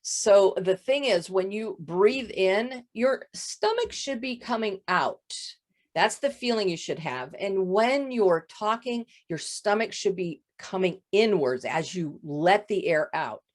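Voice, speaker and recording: A woman voice coach with a touch of vocal fry, explaining voice habits in an interview. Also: medium pitch, lively intonation, takes it slowly. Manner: explanatory, demonstrates voice faults. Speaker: voice coach guest. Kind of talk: interview answers.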